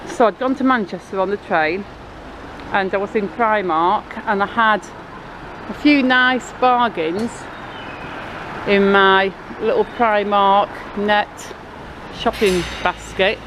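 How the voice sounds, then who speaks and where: On a busy town street, a woman from Blackpool, England, narrates a casual walking vlog into her handheld camera's mic. Her voice sits in the mid-range and she takes it slowly, rambling through a relaxed story while street noise carries on behind her.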